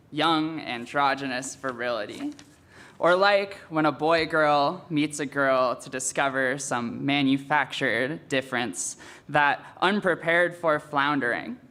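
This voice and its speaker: A man's voice: fairly high pitch, sharp tone, smooth. A young man, a student poet, reading his poems aloud at a live reading after a candid, offhand introduction.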